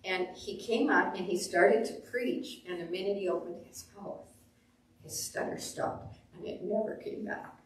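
A woman pastor preaching a sermon, telling stories with animated delivery and acting out quotes. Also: medium pitch, a little slow, distant mic. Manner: animated storytelling, acts out quotes. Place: church sanctuary. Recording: echoey room, voice off the mic.

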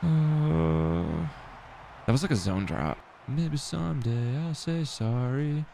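Here a young man streams his football video game play, casually commenting to himself, cursing, and ridiculing his own mistakes. He speaks slowly in a mid-range, gravelly, mellow voice that stays animated, with a little hiss or hum audible.

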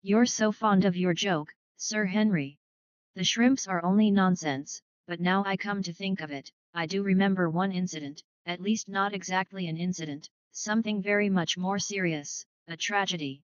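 A woman voicing a modest, gently rambling elderly spinster lady in a dry, dull recording. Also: mid-range voice, normal speed, no echo, lightly acted. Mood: gentle. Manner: modest, rambling, softly spoken.

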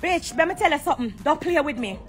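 High-voiced Jamaican woman ranting. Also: lively intonation, quick pace, soft background music. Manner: heated and confrontational. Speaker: live streamer. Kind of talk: ranting live stream. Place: airport corner.

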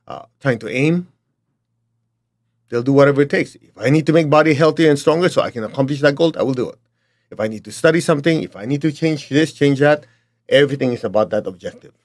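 A man's voice: medium pitch, fairly quick. Blunt middle-aged man with a Chinese accent. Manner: blunt, emphatic, direct. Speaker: motivational teacher. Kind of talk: motivational talk.

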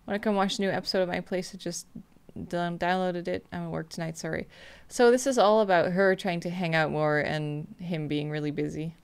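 A woman playing a video game, reading the on-screen text messages aloud in a flat, quick way between casual comments. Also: fairly low pitch, clear, resonant tone. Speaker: gameplay streamer. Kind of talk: casual let's-play commentary.

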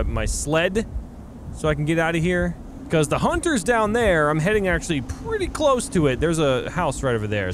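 A man commentating his own gameplay, excitable and loud when surprised, muttering sarcastically when things go wrong. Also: on the high side, noisy background. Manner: excitable, swings to loud exclamations. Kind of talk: let's play commentary. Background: game music.

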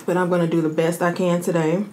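A woman's voice: fairly low pitch, level tone, fast, darkish tone, slight background noise. Chatty woman eating on camera. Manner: chatty, addresses viewers as y'all. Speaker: mukbang vlogger. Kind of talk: casual eating vlog chat.

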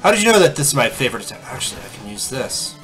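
A man chats playfully as he plays through a game. His voice is bright and crisp at an ordinary male pitch. Light music plays faintly behind him. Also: big pitch swings, rapid-fire. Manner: playful, chatty, reacts aloud. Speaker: let's play host. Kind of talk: casual gameplay commentary.

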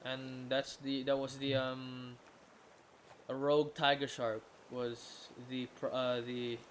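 A man's voice: mid-range voice, flat delivery, takes it slowly, slight background noise. A tired man giving rambling gameplay commentary, often restarting his sentences and swearing casually. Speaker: gamer.

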